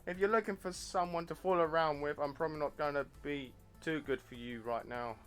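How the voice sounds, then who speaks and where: A man reading the lines of a shy, nerdy young woman in a dating game, softly and hesitantly. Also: on the high side, brisk, soft background music, close to an everyday voice. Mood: apologetic.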